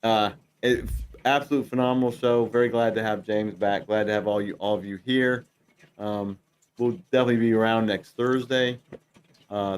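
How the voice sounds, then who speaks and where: A man's voice: lowish voice, recorded from a distance, a little hiss or hum. A man hosting a casual stream chat, easygoing and teasing, wrapping up the show. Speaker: host.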